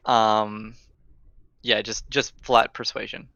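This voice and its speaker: A man's voice: on the low side, flat delivery, takes it slowly, gravelly, a bit bright, dull audio, slight background noise. A young man narrating a tabletop game as game master in a casual way, with many fillers.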